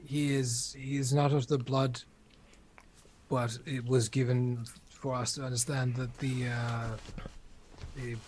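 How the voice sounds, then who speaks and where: A man speaks in character at a tabletop game, formal and measured. His voice sits in a middle register with a flat, even delivery. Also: medium pitch, slight background noise. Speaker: player. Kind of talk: in-character role-play.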